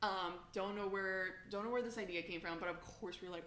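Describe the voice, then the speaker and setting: A woman co-hosting a podcast in casual chat, telling animated stories and quoting people in exaggerated voices. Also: mid-range voice, brisk, roomy sound, over music. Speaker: podcast co-host.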